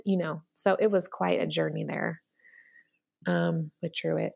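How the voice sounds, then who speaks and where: Woman guest w a low gravelly voice, talking earnest and open, lots of ums. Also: fairly even intonation, measured pace, a little mellow. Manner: earnest, candid, many fillers. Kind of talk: personal storytelling in conversation.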